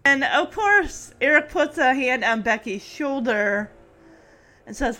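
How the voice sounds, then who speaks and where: Chatty woman on a podcast, kinda high voice, swoops up and down a lot, laughs a bunch. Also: measured pace. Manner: animated, chatty, laughs often, quotes characters. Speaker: podcast host recapping a sitcom episode. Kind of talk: casual chat.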